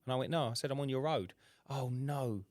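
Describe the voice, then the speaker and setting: A man, co-hosting a casual podcast and telling animated stories, acting out customer dialogue. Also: mid-range voice, brisk, no echo, clean studio sound. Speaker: podcast co-host, window cleaner. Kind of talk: casual chat.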